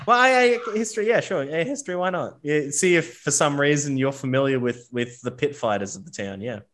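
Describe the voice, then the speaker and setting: A man's voice: fairly high pitch, lively intonation, fairly quick, fairly bright tone. A man running a tabletop game as game master, loose and swearing, with lots of fillers.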